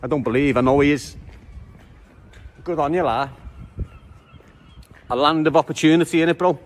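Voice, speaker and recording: This vlogger, a Liverpudlian, jokes around with his audience as he walks the streets of his city. He speaks at a normal pace in a slightly high voice, often pausing.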